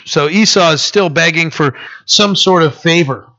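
A man's voice: on the high side, normal speed, pushed and bright, dull audio. A man teaching a Bible study in a casual, conversational way, with many restarts and fillers.

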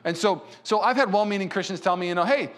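High-voiced male pastor preaching. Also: fast talker. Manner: animated storyteller who acts out quotes. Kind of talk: sermon with personal storytelling. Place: church.

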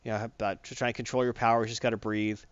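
A man casually retelling a comic book story, acting out lines in quick voices. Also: lowish voice, level tone, clear, resonant tone, dry recording, muffled recording. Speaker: comic recap host.

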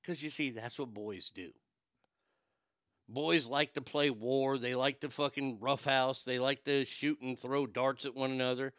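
A middle-aged man telling a long personal story in a profane, wisecracking way, with quick asides and voices for the people in it. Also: mid-range voice, steady tone, a bit bright, dry recording, studio quality. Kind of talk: casual storytelling monologue.

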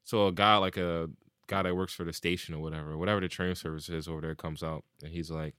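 Male co-host, animated storyteller who acts out quotes, dry close sound, forceful tone. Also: deep voice, fast, clear, resonant tone, no echo. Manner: animated retelling with acted-out quotes and swearing. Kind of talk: casual chat, storytelling.

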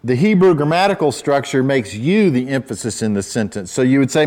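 A man preaching a sermon in a conversational way, with self-deprecating asides and restarts, who rises to loud, emphatic cries when quoting scripture. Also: medium pitch, expressive, brisk, hardly any pauses. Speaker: pastor.

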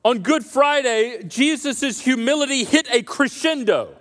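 A man preaching a sermon as pastor, animated and acting out the voices of the crowd. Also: extremely high pitch, a little slow. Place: church auditorium. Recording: reverberant church hall.

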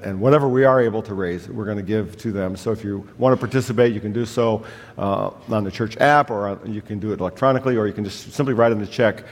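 Pastor preaching in a reverberant church hall. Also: male voice, lowish voice, darkish tone. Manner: storytelling with humor, acting out voices in a family anecdote. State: slight cough. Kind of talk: sermon.

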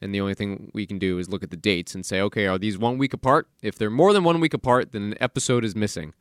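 A man's voice: on the low side, fast, dry recording. A man hosting a solo podcast in a studio, talking casually and sarcastically, ranting and mock-quoting people. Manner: animated, sarcastic, rants and mock-quotes people. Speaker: podcast host. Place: recording studio.

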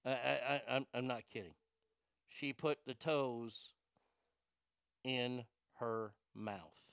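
A man's voice: medium pitch, fairly even intonation, slow, gravelly, a bit bright, smooth, no room sound, clean studio sound. A man hosting a talk radio show, ranting animatedly about a reality show with crude asides and stammered restarts.

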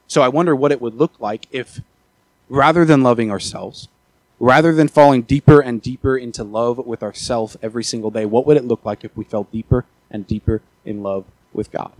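A man preaching a sermon, often repeating and restarting his words, who rises from quiet talk to loud, urgent appeals. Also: mid-range voice, fairly quick, no room sound. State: out of breath after the peak.

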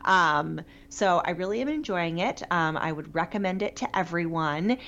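Chatty podcast co-host, woman, lower voice, lo-fi recording. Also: normal speed, a bit bright. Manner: chatty, enthusiastic, many fillers. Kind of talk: casual chat. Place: New York. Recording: dull lo-fi sound.

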